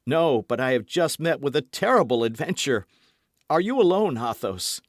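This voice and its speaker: A man's voice: mid-range voice, very animated, normal speed, no echo, clean studio sound, pitched above the performer's own voice, natural voice. A man voicing an agitated young swordsman who talks in a raised, pressing way in an audiobook. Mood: urgent.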